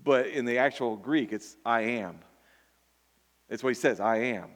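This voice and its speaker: A man's voice: mid-range voice, unhurried. A man preaching a sermon earnestly, often repeating words and building to emphatic peaks. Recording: long hall reverb.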